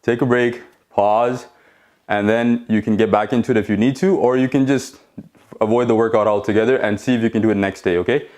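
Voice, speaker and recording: A fitness instructor leads a home workout, exercising along while counting reps, encouraging, and checking in with "okay?". His voice is lowish, steady, brisk, and darkish in tone.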